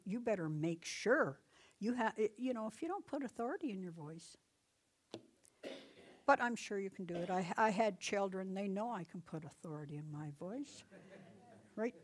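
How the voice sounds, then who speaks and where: A middle-aged woman with a mid-range, darkish voice is a Bible teacher and deliverance minister giving a casual teaching. She tells personal stories in a chatty way, laughs often and raises her voice for commands.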